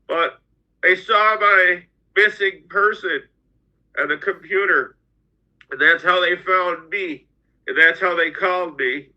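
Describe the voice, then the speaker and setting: Middle-aged man, podcast guest, halting and repetitive, higher voice, dull lo-fi audio. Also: pushed and bright. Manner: halting, repeats words as he goes. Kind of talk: personal storytelling.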